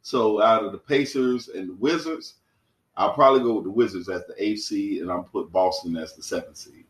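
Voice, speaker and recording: Low-voiced man laying out his picks. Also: brisk. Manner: methodical, walks through his picks step by step. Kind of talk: casual sports chat. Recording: echoey room.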